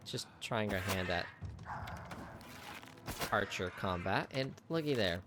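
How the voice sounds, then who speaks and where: A man's voice: on the low side, animated, takes it slowly, background noise. A man chatting casually through a video game, joking with the enemies he fights. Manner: chatty, jokes with on-screen enemies. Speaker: gameplay streamer. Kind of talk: casual gameplay commentary.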